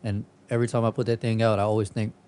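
A man's voice: on the low side, flat delivery, very fast, dark tone. A man hosting a podcast in casual chat, telling stories with lots of swearing and laughter. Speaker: podcast host.

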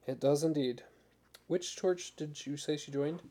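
A man voicing a kind, courteous old gentleman who asks gentle, genial questions in a slightly raised voice. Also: a little high, measured pace. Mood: kindly.

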